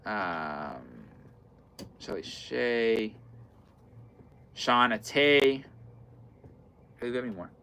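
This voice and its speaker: A man hosts a live-stream sale from an indoor fabric shop. His voice is bright and forward, and his talk is loose and chatty as he keeps calling out item numbers. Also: medium pitch, animated, very slow, pauses often, a little hiss or hum. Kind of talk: live-stream sales chat.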